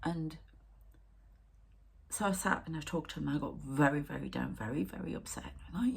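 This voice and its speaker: A woman medium talks casually to her viewers on a spiritual vlog, her voice a little low and husky. She rambles emotionally and often sinks to a near whisper. She sounds upset but keeps talking. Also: sing-song, brisk. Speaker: spiritual medium and channel host.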